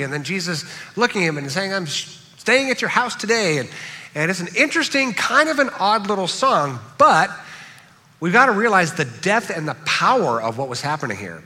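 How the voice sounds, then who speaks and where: A pastor preaching a sermon in a church, animated and acting out the voices of the people he quotes. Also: sits high, in a large hall. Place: church sanctuary.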